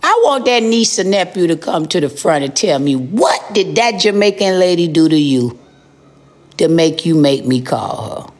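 A woman hosting a live stream, roasting the person on the phone in a sassy, scolding way with drawn-out emphasis. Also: fairly low pitch, expressive, darkish tone. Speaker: live-stream host making prank calls. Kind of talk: brash comic phone roasting.

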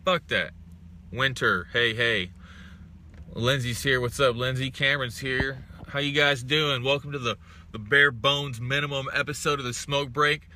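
A man's voice: mid-range voice, steady tone, a little slow, sharp tone, slight background noise. A young man from Texas hosting a casual live stream, greeting viewers and ranting with heavy profanity.

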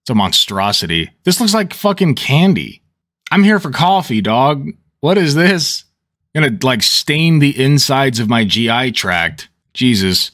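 Animated, profane man riffing casually. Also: mid-range voice, a little slow, dry recording, clean studio sound. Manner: animated, profane, laughs often. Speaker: commentator. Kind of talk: casual reaction commentary.

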